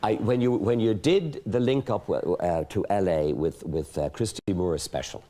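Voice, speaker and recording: A man's voice: low-pitched, lively intonation, a little slow, dark tone. A man hosting a talk show, coaxing his guest to tell a story. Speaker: host. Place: television studio.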